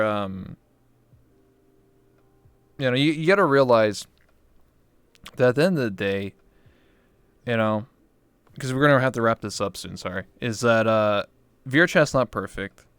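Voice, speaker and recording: A man's voice: mid-range voice, expressive, measured pace, long pauses, fairly bright tone, clear, resonant tone, no room sound. A young man hosting a casual interview chat, rambling and emphatic with lots of fillers. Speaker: talk show host.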